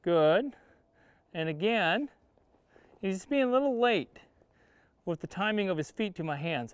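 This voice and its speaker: A man with a fairly high, smooth voice gives a riding lesson from the saddle, explaining each step in plain cowboy speech. He breaks off to coach his horse with short calls, and the sound is dry and close. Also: lively intonation, measured pace, pauses often, dry recording. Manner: talks while riding, coaching the horse and viewers; plain-spoken cowboy talk. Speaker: horse trainer. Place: outdoor riding arena.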